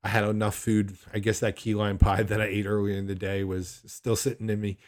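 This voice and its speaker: Low-voiced man telling a personal story. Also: flat delivery. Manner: reflective, candid, unhurried with frequent restarts. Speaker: podcast host.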